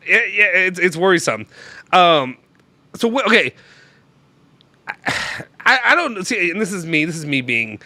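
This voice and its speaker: Young man hosting a casual, lively stream. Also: high-pitched, measured pace, long pauses, no room sound. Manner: loose, joking, rambling with restarts. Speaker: show host. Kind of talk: casual live-stream chat.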